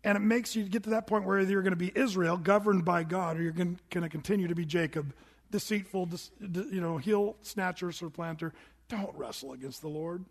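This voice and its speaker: A middle-aged male pastor with a notably high voice delivers a sermon in a church sanctuary. He tells his story with animated energy, at times climbing to shouts. His voice rings out with a long reverb tail from the hall. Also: fairly quick.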